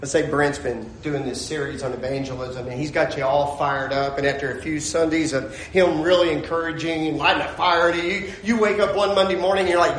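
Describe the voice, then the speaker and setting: A male pastor preaching an animated sermon, acting out scenes as he goes, in a church. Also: high voice, a little fast, few pauses, a little hiss or hum. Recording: echoey room.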